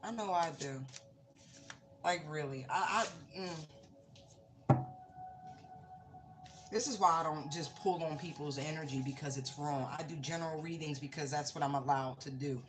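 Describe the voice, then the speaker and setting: A woman's voice: deep voice, fairly quick. A woman giving a casual tarot reading, talking bluntly and swearing freely. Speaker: tarot reader. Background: music.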